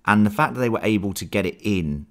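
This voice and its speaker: A man hosting a casual film discussion podcast, animated and swearing freely as he recaps the plot. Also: on the low side, quick pace. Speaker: podcast host.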